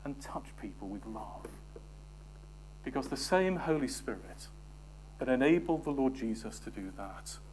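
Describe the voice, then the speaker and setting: A man delivering a sermon in a middle-pitched voice, rising to stress scripture and then dropping to near-whispers. He keeps turning to the listeners with questions. A faint hum of noise sits behind him. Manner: swings from emphatic scripture reading to soft, near-whispered asides; engages the congregation with questions. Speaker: preacher.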